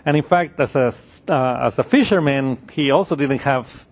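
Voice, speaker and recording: A man giving unhurried Bible teaching, pausing often with fillers and restarting sentences as he explains scripture. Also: mid-range voice. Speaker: preacher.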